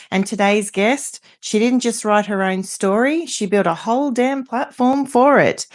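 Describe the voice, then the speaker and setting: A woman hosting a podcast, introducing her guest in an upbeat, punchy way. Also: medium pitch. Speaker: podcast host. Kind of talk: scripted guest introduction and casual interview.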